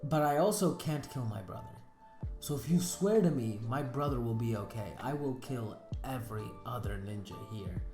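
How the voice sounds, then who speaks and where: A woman voicing a weary, resigned young male ninja in a hushed, heavy voice. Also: extremely low pitch, expressive, normal speed, over music, voice pushed down. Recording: roomy echo.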